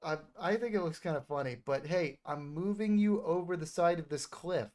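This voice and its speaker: A man's voice: on the high side, moderate pace, darkish tone. A man streaming, chatting casually and teasingly with frequent hesitations. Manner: playful, teasing, hesitant with many fillers. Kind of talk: casual gaming chat with an AI character.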